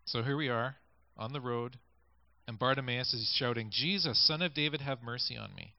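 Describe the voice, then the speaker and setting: A man's voice: medium pitch, normal speed, gravelly, no echo. A male preacher giving a sermon in a conversational way, reading scripture and inviting listeners to picture the scenes. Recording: dull lo-fi recording.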